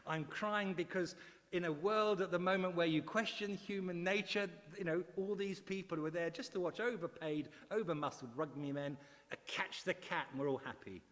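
A middle-aged man preaching a sermon, telling stories with animated, excitable bursts. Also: brisk. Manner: warm, animated storytelling with sudden high excited bursts. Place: church. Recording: church hall with long reverb.

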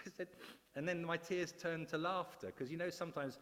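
A middle-aged man delivers a sermon in a church, his voice sitting a little high for a man. He tells stories with lively, excitable bursts. The sound rings with long reverb from the hall. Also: normal speed. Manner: warm, animated storytelling with sudden high excited bursts. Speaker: preacher.

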